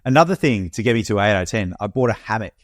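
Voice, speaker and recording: This is an Australian man in casual podcast chat. His voice sits a bit low. He sounds laid-back and swears freely. The sound is dry and close. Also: lively intonation, racing, no echo. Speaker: podcast co-host. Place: home, Perth.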